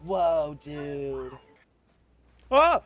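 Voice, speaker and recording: A woman's voice: sits low, sing-song, very slow. A woman streaming a video game live, joking and laughing with her chat. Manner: playful, laughing, jokey. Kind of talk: live gameplay commentary.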